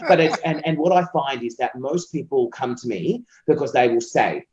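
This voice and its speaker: An Australian man talks eagerly and at length in a casual interview, often slipping into quick voiced asides as he plays out what clients tell him. His voice sits at a middle pitch. It comes through a dull, slightly muffled line with a roomy echo around it. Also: lively intonation, a loud crowd. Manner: passionate, talkative, acts out client quotes. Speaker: copywriter being interviewed.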